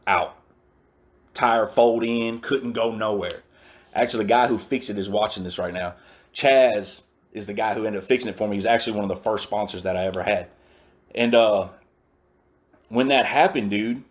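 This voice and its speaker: A man giving a personal recovery testimony in a casual, slangy, emphatic storytelling way. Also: medium pitch. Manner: emphatic and repetitive.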